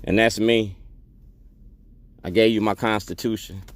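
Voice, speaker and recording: A man's voice: on the low side, steady tone, a little slow, slight background noise. A man giving a defiant public testimony as an activist, repeating himself and calling people out. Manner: defiant, declaiming, repetitive.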